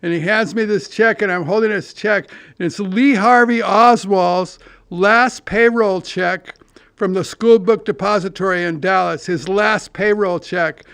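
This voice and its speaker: A man's voice: high-pitched, measured pace, fairly bright tone, smooth, no echo, clean studio sound. A man in his eighties from California hosting a podcast, telling meandering, self-deprecating stories with frequent restarts and the odd curse. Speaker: podcast host. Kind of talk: rambling monologue.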